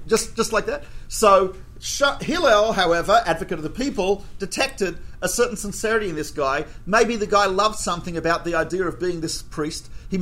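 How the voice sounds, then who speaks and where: A man teaching a class as a rabbi, telling stories with jokes and acting out the quoted exchanges. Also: high-pitched. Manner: animated, jokey, acts out quoted exchanges. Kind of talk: humorous storytelling lecture.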